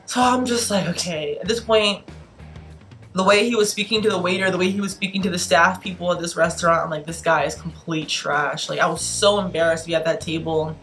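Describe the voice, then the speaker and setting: A woman in her twenties vlogging, telling a story in an animated, exasperated, emphatic way. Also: on the low side, quick pace, faint music behind. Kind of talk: casual storytelling vlog.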